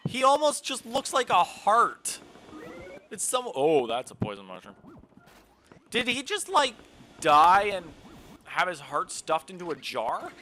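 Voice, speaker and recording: A man streaming a video game, chatting casually and poking fun at his own play. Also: sits high. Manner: relaxed, self-mocking, chatty. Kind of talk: casual gameplay commentary.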